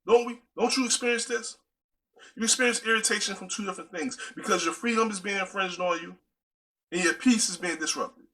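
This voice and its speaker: A man talks straight to his viewers in a casual, preachy way. His voice sits high and sounds very bright. He keeps calling his listeners y'all. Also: brisk, low-quality recording. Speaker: video host. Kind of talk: casual direct-to-camera talk.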